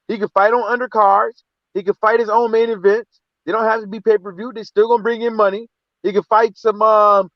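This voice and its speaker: A man's voice: high-pitched, no room sound. A man co-hosting a boxing talk show, blunt and profane, often asking "you know what I'm saying" in a heated casual debate. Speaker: podcast co-host. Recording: dry, dull lo-fi line.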